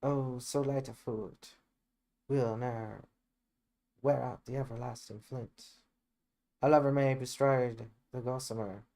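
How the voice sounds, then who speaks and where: A man's voice: medium pitch, darkish tone. A man voicing a solemn older friar giving counsel, in an amateur reading of a Shakespeare play.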